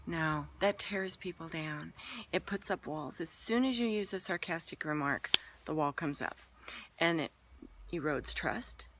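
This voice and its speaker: A woman hosts a relationship advice talk in a fairly low voice. She is earnest and emphatic, repeating her key points and sometimes sinking to a near whisper to stress them. Faint room ambience sits under her voice. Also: animated, measured pace, noisy background.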